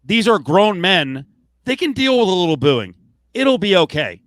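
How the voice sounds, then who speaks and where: A man's voice: high-pitched, big pitch swings, normal speed, fairly bright tone, dry recording. A man co-hosting a late-night sports podcast, ranting with heated, profane outbursts. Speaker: podcast co-host.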